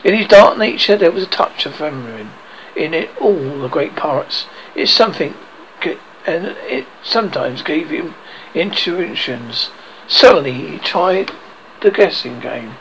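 A man narrating an audiobook in an expressive way, now and then stumbling and rereading words. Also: fairly high pitch, unhurried, gravelly, a little hiss or hum, low-quality recording. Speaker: reader.

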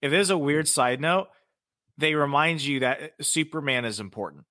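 A man's voice: on the high side, animated, moderate pace, bright, forceful tone, no echo, clean studio sound. A man co-hosting a podcast, making critical points in casual chat and repeating words as he goes. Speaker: podcast co-host.

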